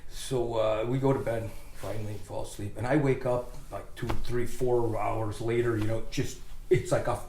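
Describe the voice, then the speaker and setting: A man's voice: mid-range voice, level tone, normal speed, darkish tone, roomy sound, a little hiss or hum. A man telling a long funny story in a rambling casual way, stopping to restart and laughing as he goes.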